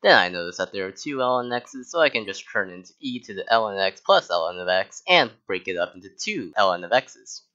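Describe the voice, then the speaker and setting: A man's voice: fairly low pitch, big pitch swings, moderate pace, hardly any pauses, pushed and bright, lo-fi sound. A young man from the United States narrating a calculus walkthrough with mock-arrogant, sarcastic boasting. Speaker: student tutor. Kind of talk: sarcastic math walkthrough voice-over.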